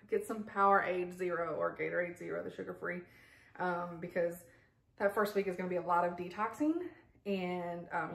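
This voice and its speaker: A woman's voice: on the low side, gravelly. Chatty woman in an echoey room. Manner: chatty, self-interrupting, frequent asides and laughs. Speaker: vlogger. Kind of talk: casual unboxing chat. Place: home kitchen table with pets around.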